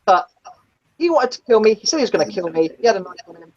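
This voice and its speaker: A woman's voice: mid-range voice, very animated, fast, darkish tone, highs cut off. A woman telling stories about her old driving jobs in casual chat, blunt and swearing, acting out the people she met. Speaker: guest, former taxi driver. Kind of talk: casual storytelling in a live chat.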